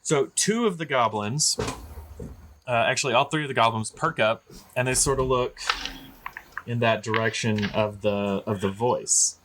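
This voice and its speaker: A man's voice: mid-range voice, moderate pace, background noise. A man narrating as game master of a tabletop game, in loose, chatty storytelling with many fillers.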